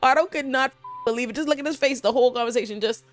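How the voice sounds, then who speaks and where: Woman hosting a casual tv recap, talking fast and loose, cussing, pure storytelling energy. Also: high voice, no room sound, faint music behind. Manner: animated, profane, slangy storytelling. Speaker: host.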